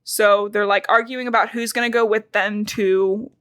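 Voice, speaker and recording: Young woman, podcast co-host, casual book recap, bright tone, dry close sound. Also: mid-range voice, steady tone, normal speed, no echo. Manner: chatty, swearing, emotional retelling.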